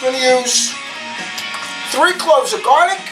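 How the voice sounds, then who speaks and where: A high-voiced woman hosts a home cooking lesson, chatty and full of exclamations as she walks through each step. Clear guitar music plays behind her voice. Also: expressive, measured pace, low-quality recording. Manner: chatty, upbeat, often exclaims "boom" and asks "okay?". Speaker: cooking show host. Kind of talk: casual cooking demonstration.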